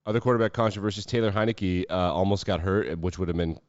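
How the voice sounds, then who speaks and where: Deep-voiced male podcast host, sarcastic and profane, dry dull mic. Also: steady tone, no echo. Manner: sarcastic, profane, quick asides. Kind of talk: casual sports commentary.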